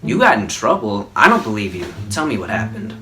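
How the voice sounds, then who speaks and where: A man's voice: lowish voice, sing-song, brisk, sharp tone, faint music behind, rough recording. A man voicing an easygoing male school principal with a casual, dismissive way of talking. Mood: offhand.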